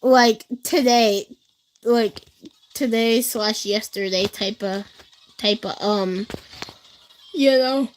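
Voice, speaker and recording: A woman's voice: a little high, slow pace, pauses often, a little hiss or hum, rough recording. A teenage girl livestreaming, telling school stories to her chat in a rambling, casual way, full of fillers. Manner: chatty, rambling, many fillers, speaks straight to chat. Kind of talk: casual storytelling to a live chat.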